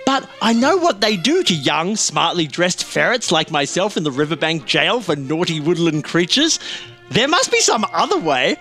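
A man voicing an eager, polite young male ferret in a comic story, prim and excitable. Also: high voice, normal speed, faint music behind, heavily acted. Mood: pleading. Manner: prim, well-spoken and excitable.

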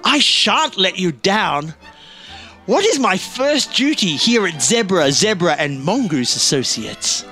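Man playing a cheery young ferret, prim and polite, high and lively. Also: slow pace, faint music behind, heavily acted. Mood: bright. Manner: prim, well-spoken and excitable.

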